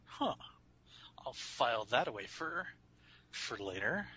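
A man's voice: mid-range voice, big pitch swings, slow pace, sharp tone, lo-fi sound, slight background noise. A man playing a tabletop game, chatting casually and joking. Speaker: player. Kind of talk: casual chat.

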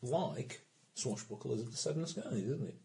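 A man playing a tabletop game, chatting casually and telling stories with animated delivery. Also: moderate pace, creaky. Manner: animated storyteller, swooping pitch. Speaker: player.

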